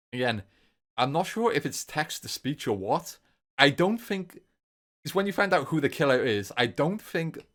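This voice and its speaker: A man giving a long, rambling solo film review, informal and enthusiastic, circling back to repeat his points over and over. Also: medium pitch.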